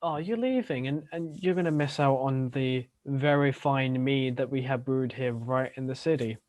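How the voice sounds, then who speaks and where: A man's voice: mid-range voice, normal speed, darkish tone, lightly acted. A man voicing a gracious elven princess. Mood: courteous. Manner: formal and courteous.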